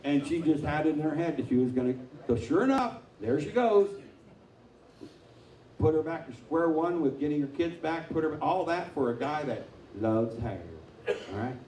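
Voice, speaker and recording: Man, pastor, sermon, conversational storyteller, slightly high voice, distant mic, faint background hum. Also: animated, normal speed, mellow. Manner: conversational storytelling, acting out quotes. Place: church sanctuary. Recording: echoey room, mic from far off.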